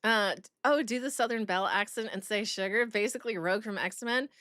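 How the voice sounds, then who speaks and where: A woman's voice: mid-range voice, a little fast, a bit bright, no room sound, clean studio sound. A woman streamer chatting casually with her viewers, giggling as she reads out chat messages. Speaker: streamer reacting to a video.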